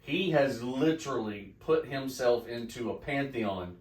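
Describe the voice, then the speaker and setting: Excitable Midwestern man in his forties, roomy sound. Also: medium pitch, measured pace. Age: 40s. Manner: excited storyteller, acts out quotes. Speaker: podcast co-host. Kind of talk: casual chat. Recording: echoey room, mic at a distance.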